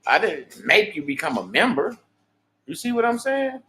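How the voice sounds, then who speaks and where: High-voiced profane man ranting on a livestream. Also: huge pitch swings, normal speed, bright, forceful tone. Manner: profane, preachy, boastful. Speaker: livestream host. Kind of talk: unscripted livestream monologue.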